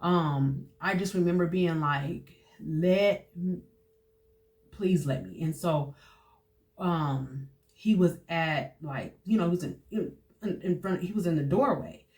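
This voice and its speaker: A young woman speaks in a personal testimony monologue. She talks haltingly, with frequent fillers and restarts. Her emotion shows as her voice drops at times. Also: deep voice, a little mellow. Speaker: host sharing personal testimony.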